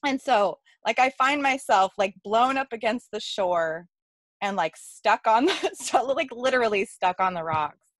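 A woman's voice: on the high side, animated, a little slow, no echo. Chatty woman telling a story. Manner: chatty, laughing often, many fillers. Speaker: workshop participant. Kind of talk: personal storytelling.

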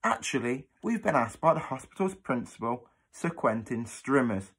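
A man's voice: mid-range voice, animated, moderate pace, fairly bright tone, slightly rough. A man voicing a cheeky young boy who bluffs in a mock-polite, posh manner, in a storybook reading. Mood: bluffing.

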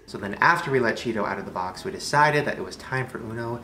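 A man vlogging from home in casual chat, excitable and jokey, swearing freely. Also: medium pitch, fast talker, few pauses. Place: at home indoors. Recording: echoey room, faint background noise.

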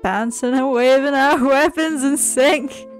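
A woman's voice: sits high, a little slow, faint music behind. A woman voicing a laid-back male royal guard who talks like a slangy dude and says "like" often. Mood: lovesick. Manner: slangy, drawling, says "like" a lot.

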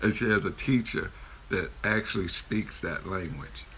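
A man co-hosting a casual reaction video, joking and animated, often restarting his sentences. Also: sits low, normal speed, slight background noise. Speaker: reaction video co-host, a father.

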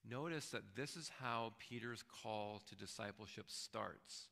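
A man pastor preaching a sermon in a relaxed, conversational way, often checking in with his listeners. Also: lowish voice, measured pace, vocal fry, long reverb tail. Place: church sanctuary.

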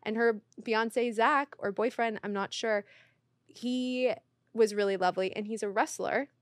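A woman's voice: a little high, unhurried, dry recording, clean studio sound. A woman, a podcast guest, telling stories in casual chat and acting out what people said. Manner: animated, acts out quoted voices.

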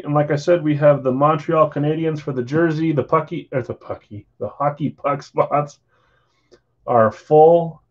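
Guy hosting a card break stream, chatty, calling bids, kinda dull lo-fi audio. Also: medium pitch. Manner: casual, chatty, runs bids aloud. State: yawning, tired. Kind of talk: live-stream auction chat.

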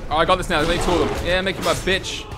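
Brief: young male gameplay host, hoarse, swearing and shouting at the game, music behind. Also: high-pitched, fairly even intonation, very fast. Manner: loud, laughing, swearing, yelling at the game. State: hoarse from screaming. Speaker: gaming video host. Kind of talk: gameplay commentary.

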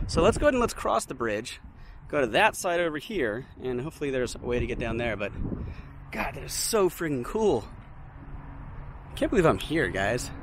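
A man filming a casual walking vlog outdoors, chatty and excited, talking straight to his viewers and a little out of breath in the heat. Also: on the high side, a little hiss or hum. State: slightly out of breath. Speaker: vlogger visiting a film location. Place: outdoors by a steel bridge in hot dry hills.

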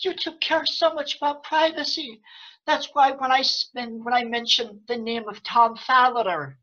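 A man's voice: sits high, bright, forceful tone, muffled recording. A man ranting angrily and sarcastically to his viewers, swearing often and restarting his sentences. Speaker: vlogger. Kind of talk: angry rant to camera.

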